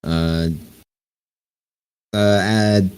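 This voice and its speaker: Man, game master, low voice, halting narration, tabletop game. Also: fairly even intonation, darkish tone, smooth. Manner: halting, many fillers and restarts.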